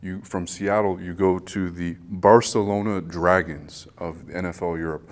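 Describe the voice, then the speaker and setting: A man's voice: low voice, fairly even intonation, a little slow. A man interviewing a former athlete, asking loose questions full of ums and restarts. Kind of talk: sit-down sports interview.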